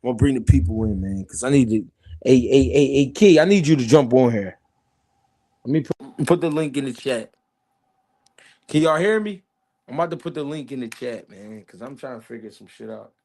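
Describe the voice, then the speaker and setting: A man's voice: mid-range voice, normal speed, no echo. A man hosting a live-stream boxing talk show, arguing heatedly and talking to his chat. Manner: heated, animated, talks to chat. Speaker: host.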